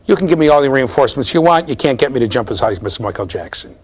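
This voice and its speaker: Animated lecturing man, lively pitch. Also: racing, slight background noise. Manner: animated storytelling, mimics voices, asks the class "right?". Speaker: university lecturer. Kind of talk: classroom lecture. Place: lecture hall.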